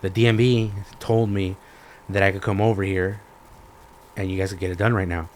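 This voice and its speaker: A young man hosting a podcast, telling a story in a profane, animated rant and acting out both sides of the conversations. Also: deep voice, normal speed, a little hiss or hum. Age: young adult. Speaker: podcast host. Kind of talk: ranting casual storytelling.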